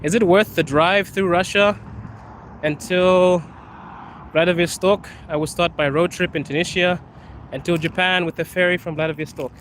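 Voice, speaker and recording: This live streamer's voice is high, steady, and fairly bright, at a normal speed. Coughing from allergies, he casually fields viewer questions, laughs often, and addresses everyone as bro, while faint traffic and street noise can be heard.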